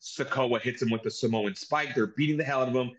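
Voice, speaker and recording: Male podcast host, mid-pitch, animated recap delivery. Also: quick pace, lo-fi sound. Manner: animated play-by-play retelling with acted-out quotes. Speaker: podcast host reviewing wrestling. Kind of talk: casual recap chat.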